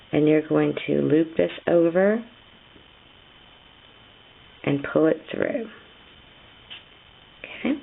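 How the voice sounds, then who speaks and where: Gravelly, hoarse woman teaching crochet. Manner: patient, chatty, counts stitches aloud. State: voice going hoarse from a cold. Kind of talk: step-by-step craft tutorial. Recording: tinny, phone-like low-fi sound.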